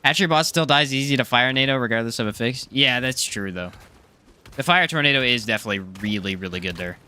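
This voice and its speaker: A man's voice: mid-range voice, fast, pushed and bright, smooth. A man streaming a live game, chatting casually, joking and answering his chat. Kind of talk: casual live gameplay commentary.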